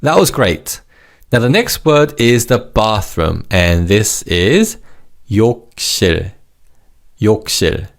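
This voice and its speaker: Male language teacher, low and very animated, clear encouraging drills. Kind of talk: scripted language lesson.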